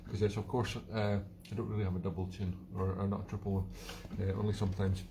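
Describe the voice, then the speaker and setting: Deep-voiced and quick, with vocal fry and little pitch movement, a Scottish host chats casually on his own live stream, rambling, poking fun at himself and laughing at his own remarks. Background noise is audible.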